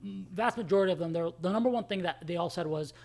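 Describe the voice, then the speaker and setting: A man who is a guest on a podcast, talking casually and acting out the people he quotes in an animated way. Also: high voice, vocal fry. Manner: rapid, animated storytelling, acting out quoted dialogue.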